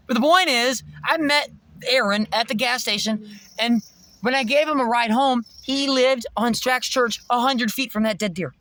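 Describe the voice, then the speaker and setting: A man's voice: extremely high pitch, moderate pace, bright, forceful tone, dry recording. A man vlogging in a rambling, preachy spiritual monologue, intense and swearing freely.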